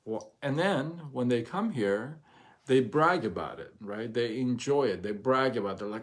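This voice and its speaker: A middle-aged man hosting a casual livestream, talking in an animated way, often repeating himself and asking "right?". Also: mid-range voice, normal speed. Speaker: livestream host.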